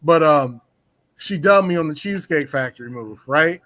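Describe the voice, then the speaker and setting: A man telling a rowdy personal story in casual chat, boastful and profane, full of slang and animated bragging. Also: fairly high pitch, moderate pace. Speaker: podcast guest telling a story.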